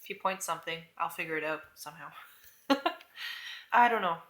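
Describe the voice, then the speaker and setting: A woman's voice: fairly low pitch, normal speed, a bit bright, roomy sound. A young woman ranting casually to camera, chatty and rambling, trailing off into "I don't know" and little laughs. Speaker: vlogger.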